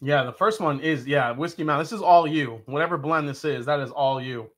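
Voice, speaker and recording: Speaking a little fast in a fairly high, slightly bright voice, a man hosts a whiskey-tasting livestream. His banter is jokey and full of swearing, and he reads out comments from the chat.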